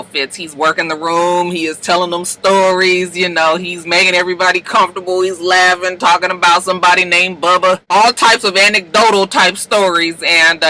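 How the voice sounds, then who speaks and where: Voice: mid-range voice, bright, forceful tone, poor audio. A speaker casually recapping a TV episode, telling the story with slang and acting out characters' lines along the way. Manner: salty slang, addresses viewers directly. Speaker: TV show recapper.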